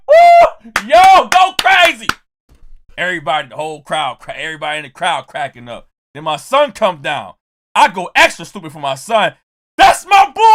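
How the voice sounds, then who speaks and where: A man chatting casually on a live stream, greeting viewers and telling a story in a loud, animated way. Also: mid-range voice.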